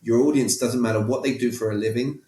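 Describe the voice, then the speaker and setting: A man's voice: medium pitch, fairly even intonation, quick pace, dark tone, echoey room. A man talking as a podcast guest, emphatic and coaching in tone, often repeating words and asking rhetorical questions. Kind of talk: conversational coaching talk.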